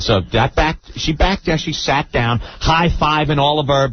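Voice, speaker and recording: A male radio host telling a story in an animated, mock-dramatic way, on a muffled radio broadcast with faint hiss. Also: a little high, unhurried. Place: radio studio.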